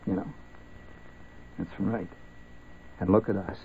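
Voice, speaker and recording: A man's voice: low voice, fairly even intonation, takes it slowly. A man hosting a late-night radio show, rambling wryly and talking straight to his listeners. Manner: wry, meandering, talks straight to listeners. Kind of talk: rambling ad-libbed radio talk. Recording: tinny old radio broadcast with faint hiss.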